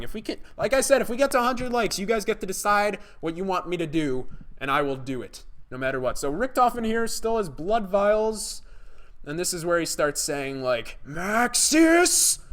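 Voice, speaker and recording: A young man commenting on a game trailer during a live stream, reacting with excitement and talking to his chat viewers. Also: mid-range voice.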